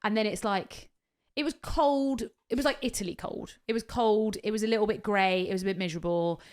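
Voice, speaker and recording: A woman co-hosting a podcast in casual chat, telling a story with lively energy, swearing freely and acting out what people said. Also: medium pitch, brisk. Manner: animated storyteller, swears freely, acts out quotes. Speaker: podcast co-host.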